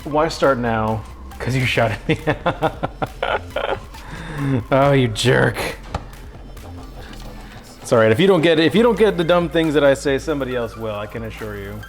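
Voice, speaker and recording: A man's voice: mid-range voice, expressive, a little slow, pauses often, soft background music. A young man hosting a cooking livestream from his home kitchen, joking with viewers in a goofy, self-mocking way. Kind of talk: casual cooking livestream chat.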